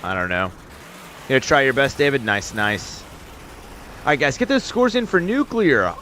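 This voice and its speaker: A man's voice: medium pitch, sing-song, a little slow, bright, forceful tone, a little hiss or hum. A man hosting a live stream, chatting with viewers and calling play-by-play on a game. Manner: chatty, upbeat, talks straight to viewers in chat.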